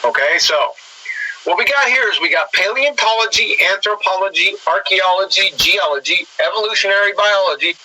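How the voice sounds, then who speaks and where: High bright guy lecturing, sarcastic and mocking, faint hiss behind. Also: animated, fairly quick, low-quality recording. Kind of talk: lecture-style commentary.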